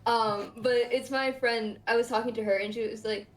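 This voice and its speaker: A woman's voice: fairly high pitch, fairly even intonation, normal speed. A woman bantering sarcastically with friends in a casual gaming chat, swearing now and then.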